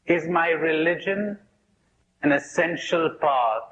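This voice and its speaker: A man's voice: fairly high pitch, slow pace, a bit bright, highs cut off. A man leading a spiritual workshop, asking questions aloud and telling jokes in acted voices. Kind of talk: live workshop talk.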